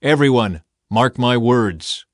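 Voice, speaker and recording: A man's voice: mid-range voice, animated, slow, no echo. Man reading a solemn, unbending prophet, dry studio sound. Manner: solemn, unyielding. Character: defiant ancient male prophet.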